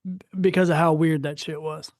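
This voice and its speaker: A man's voice: on the high side, level tone, a little fast, a little mellow, no echo, studio quality. A man hosting a podcast, adding comments in loose casual chat. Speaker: podcast host.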